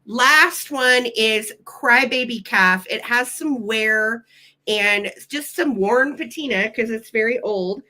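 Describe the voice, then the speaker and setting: A middle-aged woman hosts a live vintage sale, gushing with delight over old children's books, reading from them aloud and running bids while she talks to her chat viewers. Her voice sits on the high side, with a sharp tone and an unhurried pace.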